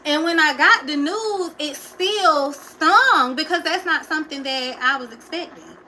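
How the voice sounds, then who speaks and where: High, bright-voiced young woman. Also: a little slow, a little hiss or hum, poor audio. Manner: emotional, chatty, talks straight to viewers. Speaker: livestreamer. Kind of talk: casual personal storytelling.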